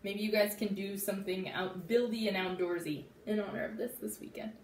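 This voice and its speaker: A female teacher with a mid-range voice reads a storybook aloud to children and explains it, slowly and expressively, adding sound effects. The mic is distant, and the room is echoey with faint background noise.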